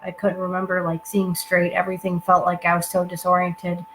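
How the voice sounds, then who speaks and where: Low-voiced woman telling a story. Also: monotone, fairly bright tone, a little hiss or hum, low-quality recording. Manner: halting, with many fillers and asides. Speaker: channel host telling her story. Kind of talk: personal storytelling to camera. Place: at home.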